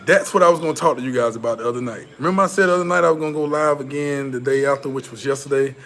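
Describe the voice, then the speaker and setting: A man's voice: medium pitch, racing, fairly bright tone, soft background music. A man from the American South, hosting a casual livestream and talking loosely and profanely with his chat. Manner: loose, laid-back, profane, repeats and restarts. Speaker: livestream host reading viewer chat.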